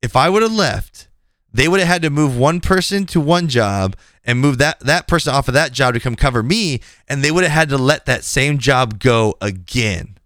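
A man's voice: mid-range voice, animated, normal speed, a bit bright, dry recording, studio quality. A male podcast host in casual chat, telling a story bluntly and animatedly, acting out the quoted lines and swearing now and then.

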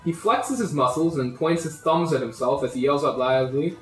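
Rambly game master in an echoey room. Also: male voice, fairly high pitch, normal speed, soft background music. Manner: casual, filler-heavy narration with many "uh" and "like". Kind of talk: narrating a tabletop game. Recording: roomy recording.

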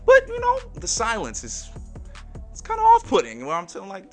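A man hosting a podcast and telling a personal story in a lively, slangy way, talking straight to his listeners. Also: high-pitched, moderate pace, faint music behind. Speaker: podcast host.

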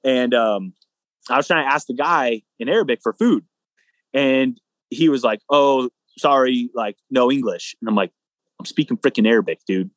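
A young man tells a story in a loose, chatty way, full of "like"s and acted-out quotes. He sounds close and dry, with no room around him. His pitch sits in the middle. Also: normal speed, no room sound. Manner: animated, acts out both sides of dialogue, many fillers. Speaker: guest, hybrid athlete. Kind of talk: casual storytelling.

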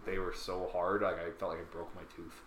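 A man's voice: deep voice, little pitch movement, a little fast. A man co-hosting a podcast in casual chat, telling rambling stories with plenty of swearing. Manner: laid-back, rambling storyteller who swears often. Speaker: podcast co-host. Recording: roomy sound with faint background noise.

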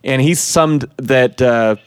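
A man's voice: medium pitch, slow pace, smooth, dry recording. A man hosting a podcast in casual chat, rambling on and swearing freely. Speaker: podcast host.

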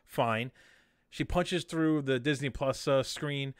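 A man co-hosting a casual podcast chat, ranting in an animated, sarcastic way. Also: medium pitch, takes it slowly, clean tone, dry recording, studio quality. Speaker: podcast co-host.

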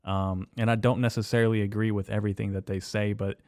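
A low-voiced man hosts a podcast with a flat, even delivery. He is measured and agreeable and often hedges his views. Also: no room sound, studio quality. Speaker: podcast host. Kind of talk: casual podcast interview.

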